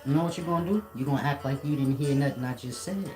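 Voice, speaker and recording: Man, casual rant, profane and confrontational, echoey room, soft guitar faintly behind. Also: mid-range voice, quick pace. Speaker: commentator. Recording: roomy echo.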